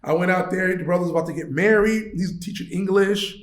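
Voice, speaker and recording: An American man telling a story on a podcast, his voice sitting fairly high. He talks in animated, slangy bursts, laughs easily and acts out other people's voices. The room around him is echoey. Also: a little fast. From United States. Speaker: podcast guest. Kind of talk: storytelling conversation. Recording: roomy echo.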